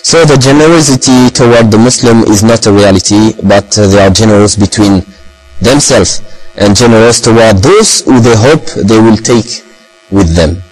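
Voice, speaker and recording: A man's voice: lowish voice, normal speed, a little mellow, faint music behind, rough recording. Man rambling with many fillers, hum behind. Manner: rambling, heavy use of fillers and Arabic phrases. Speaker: speaker recounting experiences. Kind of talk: casual talk in English.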